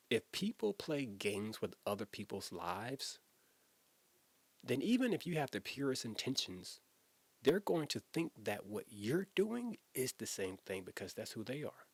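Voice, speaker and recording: Earnest low-voiced man telling his story. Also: husky, no echo. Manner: earnest, emotional, conversational with repetitions. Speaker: former youth pastor. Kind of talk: personal storytelling to camera.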